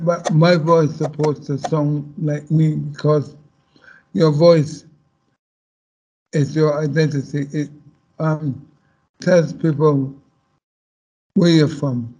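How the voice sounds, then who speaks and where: A man speaking as a panel guest, talking slowly and haltingly with many restarts. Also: on the high side, dark tone, lo-fi sound. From Caribbean heritage. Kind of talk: panel discussion.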